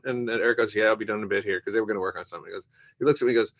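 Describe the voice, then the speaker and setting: A man telling stories as a guest on a casual podcast interview, lively and acting out the voices of people he quotes. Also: medium pitch, racing. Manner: animated storyteller who acts out quoted voices. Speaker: musician guest.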